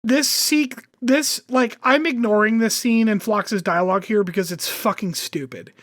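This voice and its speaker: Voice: mid-range voice, fairly bright tone. Profane, ranting podcast co-host. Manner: profane, ranting, quick to complain. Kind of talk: casual podcast chat.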